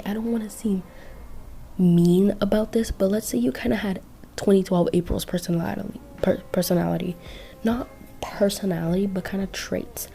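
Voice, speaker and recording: A woman's voice: mid-range voice, gravelly, dark tone. A woman narrating a casual fan-fiction story, chatty and rambling, often correcting herself.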